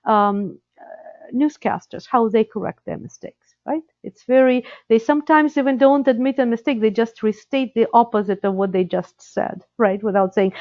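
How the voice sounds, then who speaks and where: A woman's voice: fairly high pitch, expressive, normal speed, no room sound, dull audio. A woman whose first language is Russian, presenting a live training webinar for interpreters, explaining skills practically with frequent fillers and restarts.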